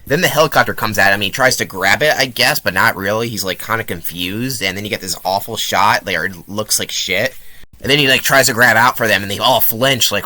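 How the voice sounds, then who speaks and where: A man's voice: on the low side, fairly quick, sharp tone, no room sound. A young man giving a casual, sarcastic and profane movie review. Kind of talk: casual film review commentary.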